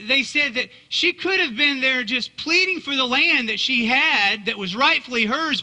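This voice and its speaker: A man's voice: very high-pitched, bright, forceful tone, low-quality recording. A male pastor preaching a sermon in a conversational, joking storytelling manner.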